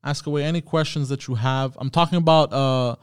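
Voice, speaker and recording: A man's voice: mid-range voice, steady tone, brisk, clean tone, dry recording, studio quality. A man hosting a podcast, telling a story in a casual, profane way with many fillers and restarts. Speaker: podcast host.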